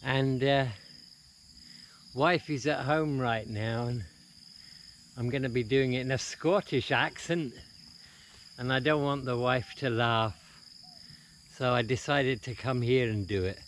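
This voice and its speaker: A man's voice: mid-range voice, measured pace, long pauses, a little hiss or hum. A man casually narrating a tour of his house as a vlogger, rambling, with frequent restarts. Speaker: vlogger giving a home tour. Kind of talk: casual walk-through narration. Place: indoors in a house, then outdoors at a plantation.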